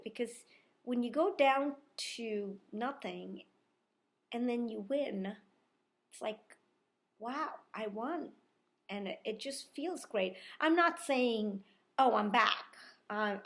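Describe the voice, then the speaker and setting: A middle-aged woman telling a rambling, self-reflective personal story in a casual vlog, often repeating herself. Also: on the high side. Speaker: vlogger.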